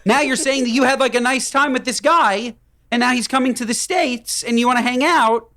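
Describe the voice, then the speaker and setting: A man's voice: extremely high pitch, a little fast, pushed and bright. A man co-hosting a chat podcast, giving listener advice in a teasing, wry way with emphatic repetition. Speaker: podcast co-host. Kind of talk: casual banter giving advice.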